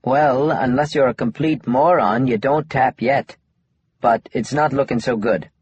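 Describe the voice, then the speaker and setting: A man voicing a lazy, grumbling older male distillery owner with a lilt, complaining in gruff clipped phrases. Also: mid-range voice, unhurried, no room sound, highs cut off.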